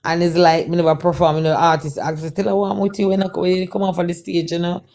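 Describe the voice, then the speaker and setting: A woman's voice: fairly low pitch, little pitch movement, quick pace, darkish tone. A Jamaican woman telling a personal testimony as a guest, in Patois-laced speech, repeating herself and acting out the dialogue in her story. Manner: Patois-laced, repetitive retelling with quoted dialogue. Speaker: guest performer.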